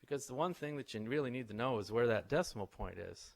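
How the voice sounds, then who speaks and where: Relaxed man explaining casually. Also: mid-range voice, quick pace, vocal fry. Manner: relaxed, conversational, with fillers and asides.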